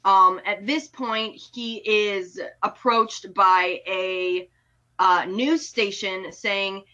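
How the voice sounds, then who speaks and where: A woman chatting about a movie, retelling the plot with lots of "you know". Her voice is bright and forward. The recording sounds dull and lo-fi. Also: mid-range voice, fairly even intonation, drawn-out words. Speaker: film reviewer. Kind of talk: casual chat.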